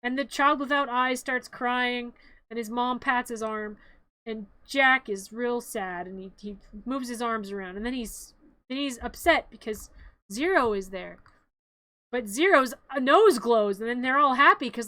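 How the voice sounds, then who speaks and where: A woman streamer casually narrating along with a film, rambling with playful, deadpan jokes. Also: a little high, unhurried, no room sound. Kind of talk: casual live-stream commentary.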